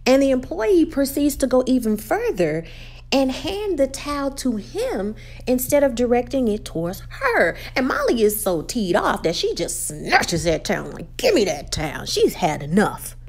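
A woman talks through a TV episode in a relaxed, chatty way. Her pitch swings widely as she tells the story, and she drops into the characters' voices while filling her sentences with "you know" and "like.". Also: measured pace. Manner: animated storytelling, acts out characters' quotes; frequent "you know" and "like" fillers. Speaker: YouTube TV recapper. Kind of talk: casual episode recap.

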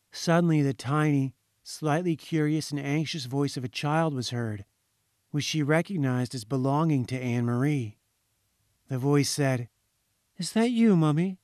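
A man reading a haunting short story aloud in a measured, ominous storytelling manner. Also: medium pitch, darkish tone, no room sound, clean studio sound. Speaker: audiobook reader. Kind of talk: scripted narration.

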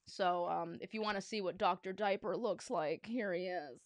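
A woman's voice: lowish voice, normal speed, hardly any pauses, no room sound, studio quality. Playful woman reading a storybook aloud. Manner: playful, chatty asides between reading. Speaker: children's book reader. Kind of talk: reading a children's book aloud on a livestream.

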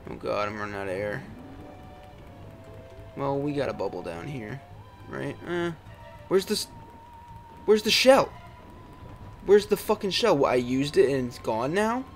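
A young man hosts a let's-play on his gaming channel, muttering, exclaiming and swearing at the game as he goes. His voice is mid-range and creaky, with faint game music playing behind him.

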